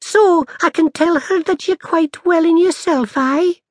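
A man voicing a tiny, fierce male pixie chieftain with a Scottish accent, gruff and blustering, in an audiobook. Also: very high-pitched, measured pace, dry recording, pitched above the performer's own voice. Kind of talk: audiobook character voice.

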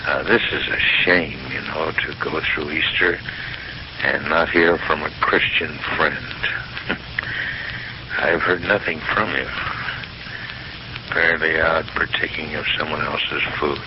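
A man playing a sulky friend who complains slowly about being forgotten, in a guilt-tripping message. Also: extremely low pitch, steady tone. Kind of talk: crank call on an answering machine. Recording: hissy lo-fi answering machine tape.

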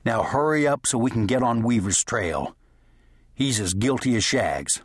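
A man voicing a stern, low-voiced sheriff. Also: animated, moderate pace, husky, dry recording, studio quality. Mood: commanding. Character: stern, steady frontier sheriff.

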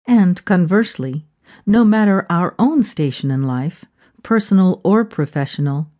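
A woman narrating a reflective audiobook in measured storytelling. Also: fairly low pitch, expressive, mellow.

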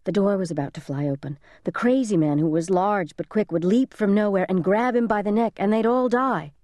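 A woman narrating a thriller audiobook in an even, measured storytelling manner. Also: mid-range voice, no room sound.

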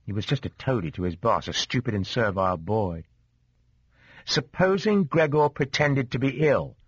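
A man narrating a classic story as an audiobook in an expressive, varied delivery. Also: mid-range voice, moderate pace, slightly rough, no room sound. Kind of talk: scripted narration. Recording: dull dry studio sound.

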